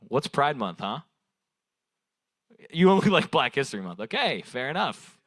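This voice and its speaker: A man's voice: mid-range voice, sing-song, slow, pauses often, a bit bright, no echo. Rambling young man doing crowd work. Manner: loose, rambling, swearing, laughing at his own jokes. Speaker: open mic comedian. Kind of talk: improvised stand-up crowd work. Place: small bar stage. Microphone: handheld stage mic.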